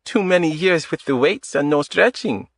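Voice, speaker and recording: Blunt teasing woman w light eastern european accent, a guy reading her, lifted way up high, dry close sound. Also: lively intonation, normal speed, a bit bright, no echo. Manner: blunt, drops little words, teasing. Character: woman in her early thirties, teasing, warm, stubborn. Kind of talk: audiobook character voice.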